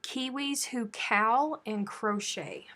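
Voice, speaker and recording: A woman hosting a crochet live stream, chatting casually with viewers and reading out their comments, with sudden loud animated outbursts. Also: a little high, takes it slowly. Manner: chatty, reads and answers viewer chat; animated, bursts into loud exclamations.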